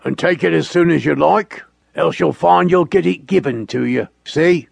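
A male narrator playing a blunt policeman who issues a gruff warning. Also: a little high, normal speed, dry recording, exaggerated voice. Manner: gruff, threatening.

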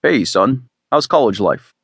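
A man's voice: medium pitch, expressive, a little slow, fairly bright tone, husky, no echo, clean studio sound, heavily acted. A male audiobook narrator voicing a teasing, boastful middle-aged father who is a tech expert. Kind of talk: audiobook dialogue.

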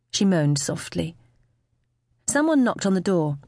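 A woman narrating a novel aloud with expressive storytelling. Her pitch moves in lively swings. The recording is close and dry, with no room sound. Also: measured pace, long pauses, no echo. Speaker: audiobook narrator. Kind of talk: scripted narration.

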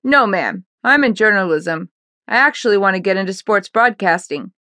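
A woman's voice: mid-range voice, expressive, normal speed, pushed and bright, dry recording. A woman voicing a polite, respectful young man in college, in an audiobook.

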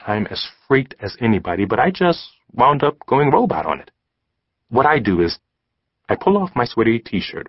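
A husky male narrator with a lively, swinging pitch, telling the story in a streetwise, conversational way. He is close to the mic in a dry booth, and the sound is slightly dull. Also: dry recording. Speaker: audiobook narrator. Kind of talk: scripted narration. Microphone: close studio mic. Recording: slightly dull studio audiobook recording.

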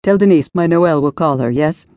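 A woman voicing a gracious older man who runs a restaurant, speaking in a courtly, unhurried way. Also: sits low, a little mellow, dry recording, studio quality, close to an everyday voice. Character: older Italian-American male restaurant owner, gracious host.

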